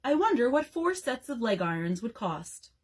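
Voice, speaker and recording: A patient mother who answers her daughter's complaints with mild, dry humor. A woman reading a storybook voices her in a breathy, husky tone that still moves around in pitch. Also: very animated, normal speed. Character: calm, dryly humorous mother.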